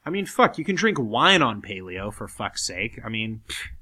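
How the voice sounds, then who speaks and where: A young man co-hosting a loose podcast, his tone bright and forward. He rambles, swears freely and laughs a lot. Casual, crude banter. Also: on the low side, sing-song, normal speed. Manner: profane, laughs often, rambling. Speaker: podcast co-host.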